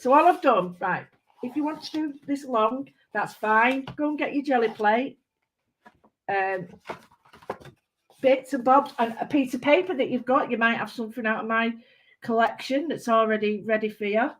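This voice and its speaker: A woman's voice: a little high, low-quality recording. A woman giving a chatty live craft demonstration, rambling and giddy, talking to her viewers with lots of exclamations. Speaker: craft tutor.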